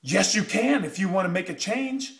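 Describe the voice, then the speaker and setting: A man giving a motivational pitch, emphatic and repetitive, pushing his points with rising urgency. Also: expressive, normal speed, fairly bright tone, echoey room. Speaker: motivational speaker.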